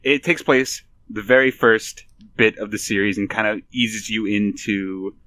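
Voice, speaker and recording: Low-voiced man, dry close sound. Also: steady tone, unhurried, pushed and bright, no room sound. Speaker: podcast co-host. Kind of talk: casual podcast discussion.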